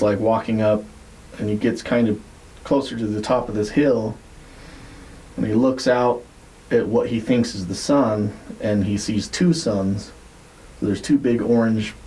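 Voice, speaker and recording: A man with a lowish, mellow voice recounts a story in loose podcast chat. He rambles, swears casually and leans on "like" and "uh" as he goes. A faint hiss sits under the voice. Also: low-quality recording. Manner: rambling, profane, many fillers. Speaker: podcast co-host.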